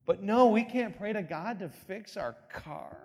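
A man preaching a sermon as pastor, telling stories with comic asides and quick laughs, in a reverberant church hall. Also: high-pitched, expressive, darkish tone.

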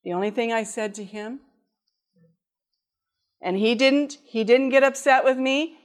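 A woman preaching with a slightly high voice. She tells a personal story, acting out the dialogue, then turns it into teaching points. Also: a little slow. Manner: lively storytelling that acts out dialogue.

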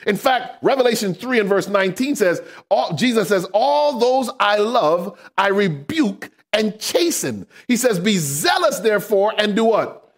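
A man preaching a sermon, asking the congregation questions and rising to shouts for emphasis. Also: high-pitched, measured pace. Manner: animated preaching with call-and-response questions.

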